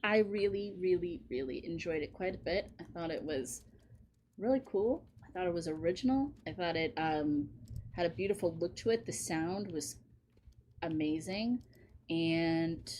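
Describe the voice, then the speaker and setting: A woman's voice: lowish voice, measured pace, darkish tone. A woman co-hosting a movie podcast, gushing and exclamatory in casual chat. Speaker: podcast co-host.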